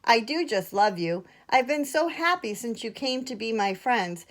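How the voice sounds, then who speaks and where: A woman's voice: a little high, animated, moderate pace, voice pushed up, natural voice. A woman voicing a timid, easily frightened little girl doll in a storybook reading. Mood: pleading. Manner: fretful, pleading.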